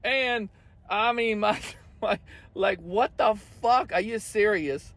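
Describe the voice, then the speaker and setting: A man with a high-pitched voice hosts a trading vlog. He rants heatedly and swears constantly as he comments on the markets. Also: slow pace. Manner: profane, heated ranting. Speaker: trading channel host.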